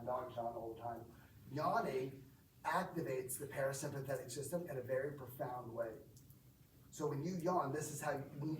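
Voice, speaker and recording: A man's voice: mid-range voice, slight background noise. A man instructing a group in breathwork, explaining and asking the group questions. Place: gym or team room. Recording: echoey room, from far off.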